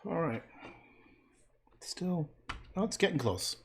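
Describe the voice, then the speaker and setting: A man's voice: fairly high pitch, animated, slow, a little hiss or hum. A man painting and chatting casually on a livestream, rambling and trailing off into muttered asides.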